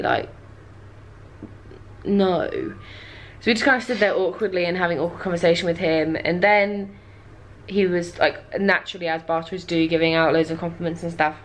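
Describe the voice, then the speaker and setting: A woman's voice: on the low side, fairly quick, slight background noise. A young woman vlogger telling a travel story to camera in a chatty, casual way, laughing often and dropping dry asides.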